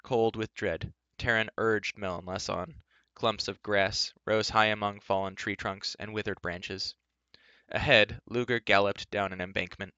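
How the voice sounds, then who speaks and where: Man, low clear voice, reads a novel aloud in even storytelling, dry dull lo-fi sound. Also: measured pace, dry recording. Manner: steady storytelling with occasional word slips. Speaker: reader. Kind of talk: reading a fantasy novel aloud.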